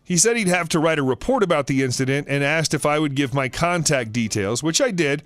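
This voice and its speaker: A man narrating a reddit story in a steady storytelling voice. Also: a little high, brisk, dry recording.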